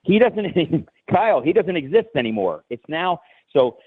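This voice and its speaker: A man from New Jersey calling in to a show, rambling and halting with many restarts. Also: fairly high pitch, big pitch swings, husky, no room sound. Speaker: caller. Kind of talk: call-in rant. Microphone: phone. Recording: tinny phone line.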